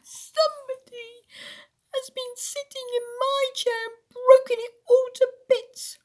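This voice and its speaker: A woman voicing a small, tearful baby bear with a squeaky little voice in a storybook reading. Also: flat delivery, slow pace, a little mellow. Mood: wailing. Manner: wailing, tearful.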